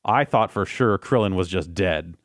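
A man co-hosting a casual anime recap chat, rambling with restarts and swearing, slipping into quick quoted lines. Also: low voice, expressive, no room sound, studio quality. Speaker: podcast co-host.

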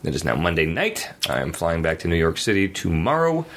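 Animated, teasing podcast host man. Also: sits low, brisk. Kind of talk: casual podcast chat. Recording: faint background noise.

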